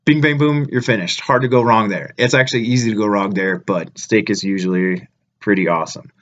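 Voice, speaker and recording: A man's voice: lowish voice, brisk, highs cut off. Blunt, ranting man vlogging. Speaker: travel vlogger. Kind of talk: casual vlog chat to camera.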